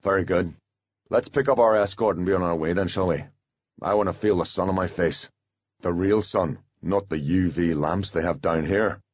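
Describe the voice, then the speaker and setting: A man's voice: sits low, moderate pace, husky, dry recording. A man voicing a blunt, loyal giant bodyguard. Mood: wry. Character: huge loyal male bodyguard, steady and blunt. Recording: dull, dry lo-fi recording.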